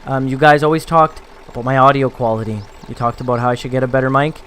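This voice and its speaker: A man's voice: mid-range voice, flat delivery, quick pace, fairly bright tone, slight background noise. A young man chatting casually to his viewers on a desk mic, rambling with fillers and laughing. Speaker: video creator. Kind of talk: casual vlog talk to viewers. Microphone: desk condenser mic on a boom with pop filter.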